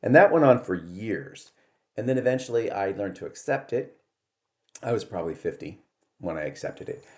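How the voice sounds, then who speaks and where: Low-voiced wry older man vlogging. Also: animated, normal speed. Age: 60s. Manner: chatty, wry, self-deprecating storyteller. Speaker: vlog host. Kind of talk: casual monologue to camera.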